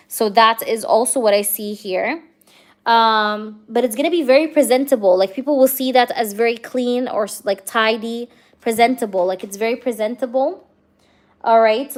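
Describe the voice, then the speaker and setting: A young woman giving a live-streamed tarot reading, chatty and reassuring, filling her talk with "um" and "okay?" checks. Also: fairly high pitch. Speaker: tarot reader.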